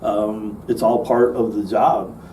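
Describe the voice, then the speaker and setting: Distant, mellow-voiced man telling stories. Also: fairly low pitch, fairly even intonation, slow pace. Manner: rambling, many fillers and restarts, laughs while telling stories. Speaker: actor, interview guest. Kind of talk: casual interview storytelling. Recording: distant mic with faint noise.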